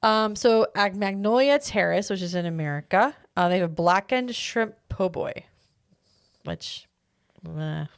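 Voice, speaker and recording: A woman co-hosting a podcast, casually going through a list of food items, easygoing and quick to laugh. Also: medium pitch, expressive, clean tone, dry recording, clean studio sound. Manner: easygoing, laughs often, reads from notes. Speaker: podcast co-host. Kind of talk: casual chat, reading out menu items.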